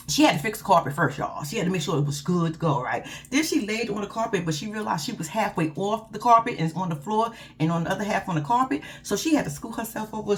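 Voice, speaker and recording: A woman, giving a casual, loud and profane recap of a reality show and laughing often. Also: mid-range voice, slight background noise.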